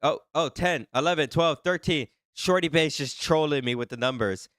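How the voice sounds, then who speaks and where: A man hosting a live stream who reads out the chat in a flustered, excitable way and teases the viewers. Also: fairly high pitch, normal speed, no room sound, studio quality. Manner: flustered and excitable, laughing often, teasing viewers. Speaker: livestream host reading chat.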